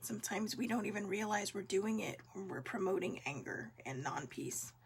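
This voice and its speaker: A woman's voice: medium pitch, animated, normal speed, slight background noise. A woman hosting a vlog, talking to her viewers in a casual, heartfelt way, earnest and encouraging, with many fillers. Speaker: vlog host.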